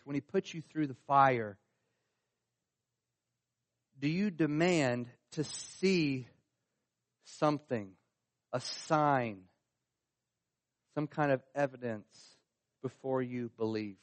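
A man's voice: mid-range voice, unhurried, long pauses, no echo. Earnest man preaching a sermon. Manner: earnest, rising in emphasis on scripture quotes. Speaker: pastor.

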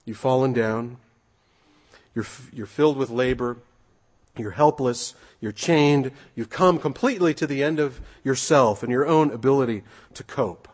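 A man's voice: medium pitch, slightly rough. A man preaching an earnest sermon, reading scripture and asking rhetorical questions.

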